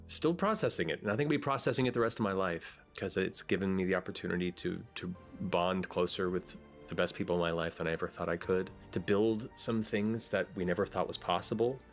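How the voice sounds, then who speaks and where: A man's voice: sits low, brisk, soft background music. A man, a voice actor, reflecting earnestly in an interview.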